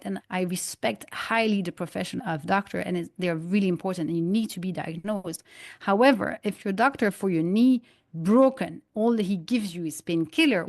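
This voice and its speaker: A woman guest in an interview, telling stories and acting out dialogue and analogies in an animated way. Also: mid-range voice, dry recording, studio quality. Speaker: guest, holistic migraine practitioner. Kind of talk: conversational interview, storytelling.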